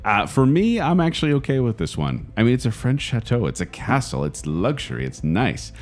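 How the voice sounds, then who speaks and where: A man in his thirties co-hosting a casual chat, animated and jokey. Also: mid-range voice, a little fast, faint music behind. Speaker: podcast co-host.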